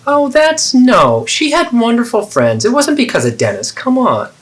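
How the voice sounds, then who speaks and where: A man's voice: extremely high pitch, huge pitch swings, normal speed, fairly bright tone, pitched above the performer's own voice, full character voice. A man voicing a defensive, self-pitying middle-aged mother in a therapy role-play, deflecting and indignant. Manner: dramatic, deflecting, swings between hurt and indignant.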